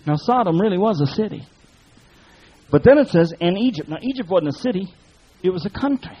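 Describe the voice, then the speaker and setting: A man's voice: high-pitched, animated, brisk, husky. A man preaching a sermon in a fiery, folksy way, full of colloquial speech. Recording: dull lo-fi recording.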